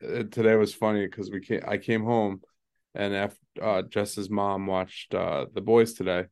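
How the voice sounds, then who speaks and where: A man's voice: fairly low pitch, flat delivery, measured pace, a little mellow, clear, resonant tone. Laid-back man chiming in. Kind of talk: casual chat.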